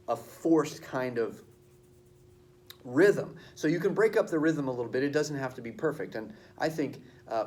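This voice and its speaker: A man's voice: medium pitch, darkish tone. A male teacher explaining a poetry assignment to his class at the board in a casual, chatty way.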